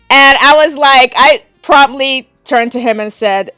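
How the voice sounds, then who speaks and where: A woman's voice: sits high, expressive, measured pace, few pauses, sharp tone, clean tone, dry recording. Woman podcast host, 30s, candid storyteller, dry mic with faint music. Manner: candid, frank, laughs often. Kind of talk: casual storytelling.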